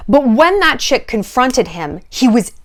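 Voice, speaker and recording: Here a woman offers dating tips in a relaxed vlog, sarcastic and lively, swearing without restraint and mimicking the voices of others. She speaks in a fairly high register at a measured pace.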